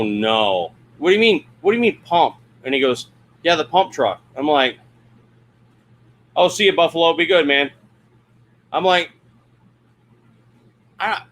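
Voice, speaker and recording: Inside his RV camper at a campground, a man hosts a casual livestream, rambling, laughing at himself and reading chat comments out loud. His voice is medium-pitched and a bit bright, with slight background noise.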